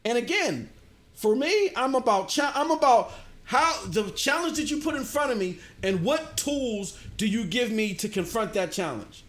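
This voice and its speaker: A middle-aged man streaming games, ranting and answering his chat in an animated way. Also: extremely high pitch, moderate pace. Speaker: gaming streamer. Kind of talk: livestream commentary, answering chat.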